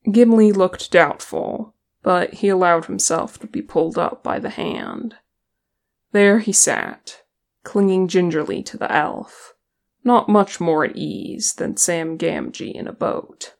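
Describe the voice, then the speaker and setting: A reader narrating a fan fiction audiobook with steady, even storytelling. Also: medium pitch, takes it slowly, vocal fry.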